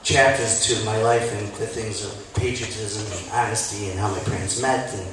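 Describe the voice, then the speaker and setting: A man's voice: on the low side, fairly even intonation, normal speed, a crowd in the background. A man in the audience telling a long personal story before asking his question, chatty and rambling. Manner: chatty, storytelling, quotes others. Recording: echoey hall, recorded from far off.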